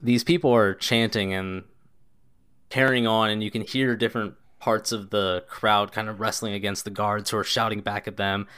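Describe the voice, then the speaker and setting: A man's voice: fairly low pitch, steady tone, moderate pace, a bit bright, clear, resonant tone. A man narrating as game master of a tabletop game, in a loose, descriptive way with lots of casual filler words.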